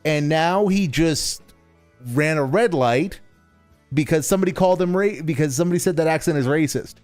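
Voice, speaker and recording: A man's voice: fairly high pitch, fairly quick, a little mellow, no room sound, faint music behind. A man hosting a game stream, commenting sarcastically and mockingly with lots of swearing and restarts.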